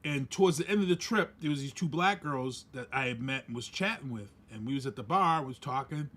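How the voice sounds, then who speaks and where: A man, co-hosting a podcast and telling a story casually, animated and laughing as he acts out quoted voices. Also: medium pitch, fairly quick. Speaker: podcast co-host.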